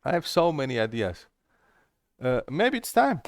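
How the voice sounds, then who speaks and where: Gravelly-voiced man rambling candidly. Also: medium pitch, very animated, moderate pace. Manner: candid storyteller who swears freely. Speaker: table tennis coach and streamer. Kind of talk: casual rambling monologue.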